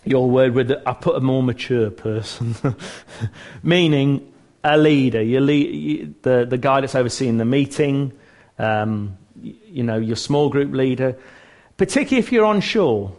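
A man of middling pitch delivers a relaxed church teaching talk. He speaks earnestly but conversationally, often restarting his sentences and slipping in self-mocking humour.

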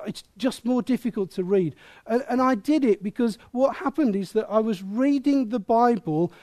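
A man's voice: high voice, dark tone, no room sound. A man preaching a sermon as pastor, earnest and repetitive, often acting out quoted voices. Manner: earnest, repeats words and restarts, acts out quoted voices.

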